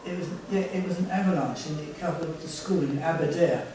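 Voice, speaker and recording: A man in the class, chiming in haltingly to fill in details for the teacher. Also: a little high, dark tone, poor audio. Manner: halting, filling in facts for the teacher. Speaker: class attendee.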